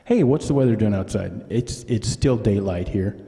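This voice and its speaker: A man's voice: fairly low pitch, moderate pace, mellow, in a large hall. A man hosting his own live stream from a room at home, rambling and joking at his own expense. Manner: rambling, self-mocking joker. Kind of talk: casual live-stream chat. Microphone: webcam or laptop.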